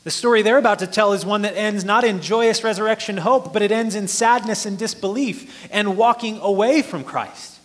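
A man's voice: sits high, moderate pace, hardly any pauses. A man preaching a sermon, explaining a passage earnestly and rising in force for emphasis.

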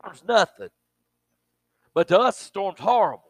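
A man's voice: high voice, sing-song, normal speed, no echo. A man preaching a sermon, emphatic and speaking in a colloquial way to his congregation.

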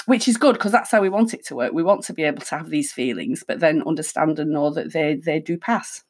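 A woman hosting a reflective self-help talk, speaking calmly and conversationally as she thinks aloud. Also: sits low. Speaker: host.

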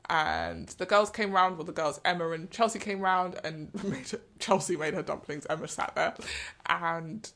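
A woman co-hosting a podcast, chatting and gossiping casually about a reality show, with quick mimicking asides. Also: fairly low pitch, animated, a bit bright. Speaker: podcast co-host. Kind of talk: casual chat.

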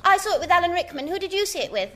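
A woman's voice: very high voice, big pitch swings, racing, crowd noise. A woman in a comedy interview clip, quizzing someone with questions fired off one after another.

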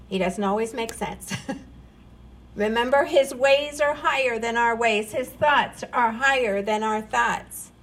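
A woman's voice: a little high, poor audio. A woman preaching a sermon, earnest and rising into emphatic questions.

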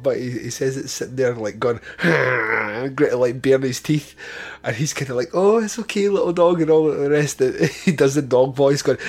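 A man co-hosting a casual chat about old horror films, animated and laughing as he talks. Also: mid-range voice, slightly rough. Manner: animated, laughing film talk. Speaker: podcast co-host.

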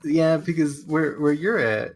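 A man in casual podcast chat, offering measured, thoughtful remarks. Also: fairly high pitch.

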